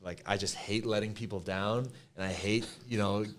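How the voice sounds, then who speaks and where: A young man with a Canadian accent, a podcast guest telling stories in a casual, emotional, animated way with many fillers. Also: fairly low pitch, normal speed. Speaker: podcast guest, clothing company co-founder.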